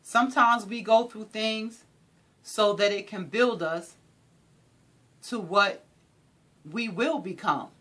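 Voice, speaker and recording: A woman giving an inspirational talk in an animated, preacherly way, repeating phrases for emphasis. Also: mid-range voice, takes it slowly, pauses often. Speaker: motivational speaker.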